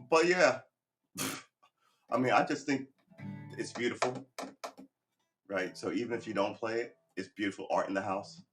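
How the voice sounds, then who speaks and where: A man's voice: low voice, a bit bright. A middle-aged man livestreaming his guitar practice from his sofa at home, chatting casually into a nearby desk mic with rambling, self-deprecating, profane pep talk. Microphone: desk microphone close by.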